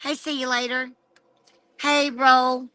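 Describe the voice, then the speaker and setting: A woman's voice: sits high, little pitch movement, slow, pushed and bright, smooth, no echo. A woman livestreaming an angry, profane rant straight at a rival. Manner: profane and confrontational, addressing a rival directly.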